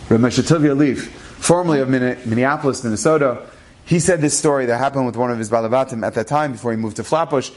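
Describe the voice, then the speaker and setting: A man in the role of a rabbi tells an inspirational story with lively energy. He acts out each conversation, shifting between the people in it, and moves the tale along briskly. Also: medium pitch. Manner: animated, acts out dialogue.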